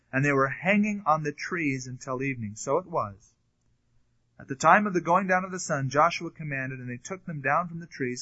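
A man's voice: on the high side, bright, forceful tone. Man teaching verse by verse, lo-fi. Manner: reads scripture then comments conversationally, with fillers. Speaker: pastor. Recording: dull lo-fi recording.

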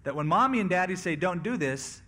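Conversational male pastor, slightly high voice. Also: animated, brisk, sharp tone. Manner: conversational, acts out quoted voices. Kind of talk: expository sermon on scripture.

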